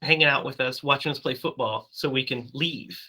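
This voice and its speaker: A man's voice: mid-range voice, a little fast, pushed and bright, slightly rough. A man co-hosting a podcast who jumps in with details and laughs often in casual chat. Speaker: podcast co-host.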